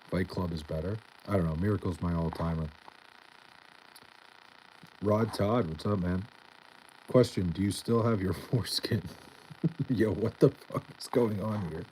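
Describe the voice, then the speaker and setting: Deep-voiced laid-back male streamer. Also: moderate pace, pauses often, a little hiss or hum, poor audio. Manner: laid-back, profane, deadpan. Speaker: live streamer reading chat. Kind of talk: casual live-stream chat.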